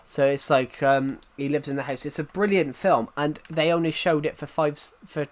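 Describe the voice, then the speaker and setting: Young man, gaming streamer, rambling casual chat, voice on the higher side. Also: steady tone, moderate pace. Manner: rambling, many restarts and fillers, chatting to viewers.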